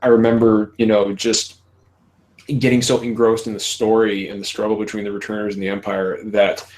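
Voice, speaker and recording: Candid, profane podcast host. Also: male voice, fairly low pitch, level tone, moderate pace, a little mellow, rough recording. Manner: candid, profane, laughs often. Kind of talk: casual podcast conversation.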